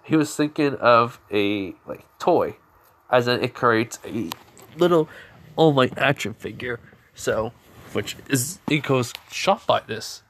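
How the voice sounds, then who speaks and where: A man's voice: mid-range voice, animated, slow, fairly bright tone. A man improvising a fan story aloud, rambling, with many restarts and fillers. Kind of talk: improvised fan-fiction narration.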